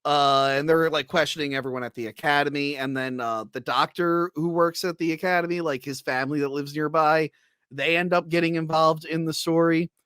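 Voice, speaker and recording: A man's voice: fairly high pitch, steady tone, brisk, a bit bright, smooth, dry recording, clean studio sound. A man hosting a casual movie review podcast. He rambles, with many fillers and restarts. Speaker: podcast host.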